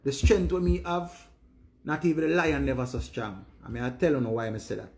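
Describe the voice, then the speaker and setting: A man's voice: mid-range voice, fairly even intonation, fairly quick, a little mellow. A man with a Jamaican accent giving an earnest, preachy monologue in Patois to his viewers. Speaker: live streamer.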